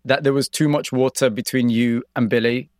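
A man interviewing a guest and narrating, asking measured, probing questions. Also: mid-range voice, steady tone, dry recording, studio quality. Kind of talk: documentary-style interview and narration.

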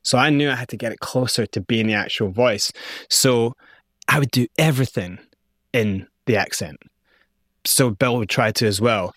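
Man telling a lively story. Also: mid-range voice, moderate pace, no room sound, clean studio sound. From Scotland. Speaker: interview guest. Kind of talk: storytelling in a conversational interview.

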